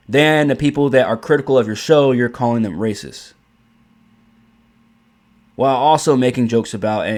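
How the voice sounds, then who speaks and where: A man ranting in blunt, profane commentary, often repeating and restarting his points. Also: medium pitch. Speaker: commentary host.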